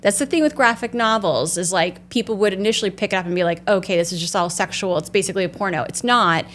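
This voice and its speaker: Animated storytelling middle-aged woman. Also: medium pitch, quick pace, slight background noise. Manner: animated storytelling, often acting out her own quoted dialogue. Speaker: podcast co-host. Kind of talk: casual chat.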